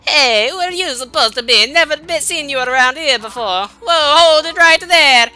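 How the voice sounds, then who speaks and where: A brash, turf-guarding mole creature from a video game barks at strangers in a vaguely Italian accent, put on by a woman. The voice sits fairly high and comes out very bright and forceful, all gruff swagger and volume. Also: expressive, normal speed, soft background music. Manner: loud, gruff, swaggering, shouty. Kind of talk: game dialogue voice-over.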